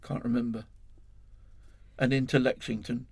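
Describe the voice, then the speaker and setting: A man's voice: mid-range voice, little pitch movement, normal speed, husky, no echo. An older man from England, a guest in an interview, telling a long story in a rambling, self-correcting way, chuckling as he goes.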